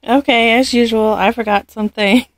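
A woman vlogging an unboxing, gushing and halting, often losing her words. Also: on the high side, fairly even intonation, dry recording. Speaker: vlogger unboxing a reborn doll. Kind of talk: casual unboxing vlog.

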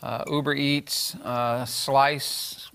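A man's voice: medium pitch, little pitch movement, very slow, vocal fry, fairly bright tone, clean tone. A man who owns a restaurant, answering questions about his food in an easygoing, plain way. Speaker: restaurant owner and chef. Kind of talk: casual interview.

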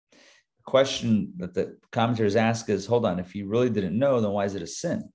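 A man's voice: on the low side, normal speed, darkish tone. A male rabbi teaching a live Torah class, talking conversationally and dropping joking asides as he reads the text.

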